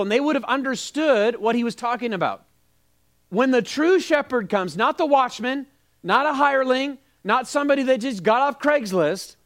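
A middle-aged man preaching a sermon as pastor, telling animated stories with quoted dialogue. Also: extremely high pitch.

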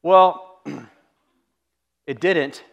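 A man's voice: a little high, extremely slow, gravelly, muffled recording. A pastor giving a casual, humorous sermon to his congregation, acting out the people in his stories. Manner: conversational and humorous, acts out quoted voices. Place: church sanctuary.

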